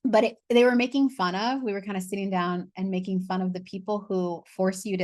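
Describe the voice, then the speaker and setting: A woman's voice: medium pitch, fairly even intonation, brisk, a little mellow, dry recording, clean studio sound. A woman leading a money masterclass over a video call, chatting casually, laughing, swearing and losing her train of thought. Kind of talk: casual live online class.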